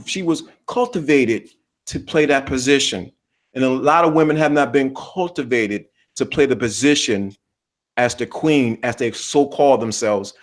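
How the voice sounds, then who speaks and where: A man co-hosting a podcast, talking in an emphatic, preachy way. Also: medium pitch. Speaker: podcast co-host. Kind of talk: casual podcast talk.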